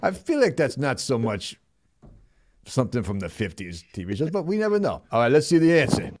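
A man's voice: medium pitch, big pitch swings, brisk, darkish tone. A man playing a brash, goofy male show host in a Stallone style, speaking in a mumbling tough-guy drawl on a live comedy show. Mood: jokey. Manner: goofy, cheerfully bossing the sidekick and crew.

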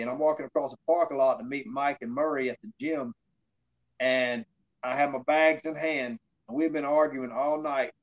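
A man's voice: mid-range voice, darkish tone, dull audio. A man, a former wrestler telling long rambling stories in an interview, acting out what people said to him. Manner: rambling anecdotes with fillers, acting out quoted dialogue. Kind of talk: casual storytelling in an interview.

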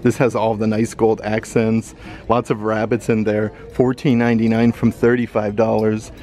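A man's voice: fairly low pitch, level tone, moderate pace, mellow. A man vlogging a casual shopping walkthrough in a store, chatty and upbeat as he reads out prices. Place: indoor retail store.

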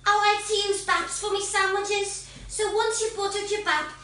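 A woman's voice: very high voice, fairly even intonation, normal speed, pushed and bright, reverberant, slight background noise. A woman playing an upbeat young Liverpool beauty contestant, breezy and chatty, in a Liverpool accent.

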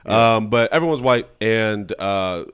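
Smooth-voiced man in his thirties. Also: lowish voice, lively intonation, a little slow, fairly bright tone. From Southern California. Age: 30s. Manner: candid, self-deprecating, laughs often. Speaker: podcast host. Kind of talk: casual conversation.

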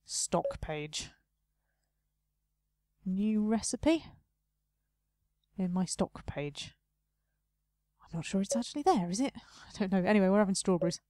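A young woman chats her way through a game, muttering to herself and poking fun at her own mistakes. Her voice is mellow and soft-edged, recorded close and dry with no room sound. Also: medium pitch, animated, measured pace, long pauses, no room sound. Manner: chatty, self-mocking, talks to herself while playing. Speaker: let's play host. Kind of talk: casual gameplay commentary.

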